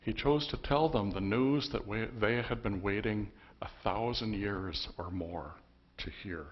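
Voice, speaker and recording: A man's voice: fairly low pitch, measured pace, highs cut off. A man preaching a sermon as pastor, telling the story conversationally with emphatic bursts. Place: church.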